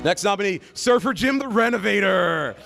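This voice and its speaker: A man's voice: sits high, animated, moderate pace, vocal fry. A man hosting a comedic awards segment on a conference stage, joking, stammering, reading out quotes. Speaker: awards host. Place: conference stage with music playing. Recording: music in the background.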